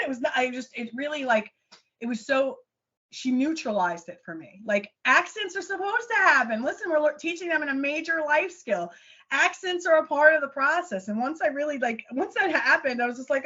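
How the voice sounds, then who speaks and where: A middle-aged woman, a life coach, telling stories in an animated, self-deprecating way on a podcast. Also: high-pitched, brisk. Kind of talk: casual podcast interview. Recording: dull lo-fi audio.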